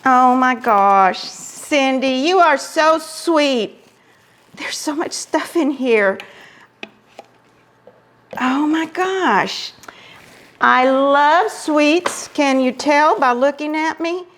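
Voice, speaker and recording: A woman hosting a craft vlog, gushing with excitement as she opens mail from friends. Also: high voice, slow. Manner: gushing, effusive exclamations. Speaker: craft vlogger host. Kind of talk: casual chat, unboxing mail.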